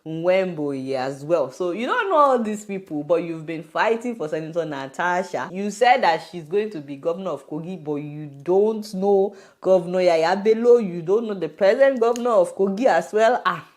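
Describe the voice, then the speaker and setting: A woman with a Nigerian accent giving an animated, mocking commentary on a video, often exclaiming in disbelief. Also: lowish voice, normal speed, hardly any pauses.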